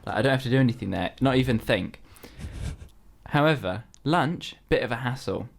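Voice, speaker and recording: A man's voice: medium pitch, normal speed, creaky. Young man telling chatty work stories. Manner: chatty storytelling, animated when quoting people. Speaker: podcast host. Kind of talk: casual chat.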